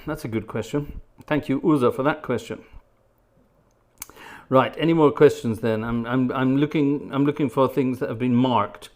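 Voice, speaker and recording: A man's voice: mid-range voice, normal speed, darkish tone. A middle-aged British man hosting a live stream, reading viewer comments aloud and answering them with dry, chatty humour. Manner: chatty and wry, reads comments aloud then jokes back. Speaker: livestream host and organist.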